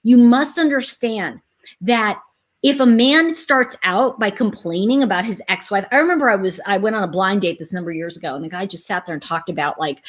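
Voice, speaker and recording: A middle-aged woman hosting a casual live stream, chatting straight to her viewers in an animated, talkative way. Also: medium pitch, a little fast. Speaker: livestream host.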